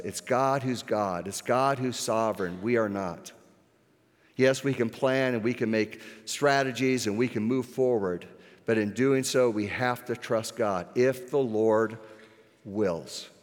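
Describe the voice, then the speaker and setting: A man preaching a sermon as pastor, earnest, slowing down on key points, with occasional restarts. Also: on the low side. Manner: earnest, with restarts and slowed emphasis. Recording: echoey hall with long reverb.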